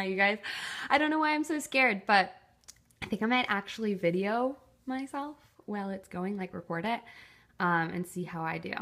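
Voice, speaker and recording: A young woman vlogging to camera at home, chatty and excitable, with lots of "like" fillers. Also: mid-range voice. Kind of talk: casual talk to camera. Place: at home, indoors.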